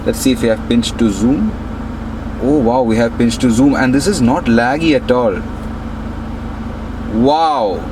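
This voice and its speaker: A man's voice: mid-range voice, unhurried, pauses often. Chatty young man reviewing a car. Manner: chatty, upbeat, addresses viewers as guys. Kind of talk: casual walkaround car review. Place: car showroom and outdoor lot. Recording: noisy street and car ambience.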